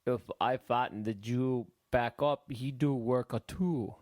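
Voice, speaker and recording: A man voicing a gruff, superstitious quartermaster with a thick Greek accent, speaking slow, broken English. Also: mid-range voice, darkish tone, no room sound, lightly acted.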